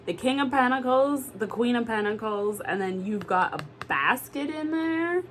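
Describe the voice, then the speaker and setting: A woman doing a casual tarot reading to camera, animated and exclamatory, swearing freely. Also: fairly high pitch, normal speed, a little hiss or hum. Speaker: tarot reader.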